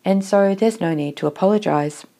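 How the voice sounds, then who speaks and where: A woman's voice: mid-range voice, moderate pace, warm tone. A woman giving a solo talk on workplace communication, reflective and asking listeners questions.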